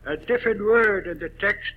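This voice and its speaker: A man preaching a sermon, deliberately stressing single words, with frequent "uh" pauses. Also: high-pitched, phone-quality sound.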